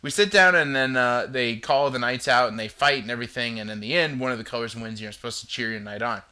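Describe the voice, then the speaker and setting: Male host, chatty and loose, with a very bright tone. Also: mid-range voice, fast, smooth. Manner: chatty, rambling storytelling. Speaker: podcast host. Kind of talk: casual chat.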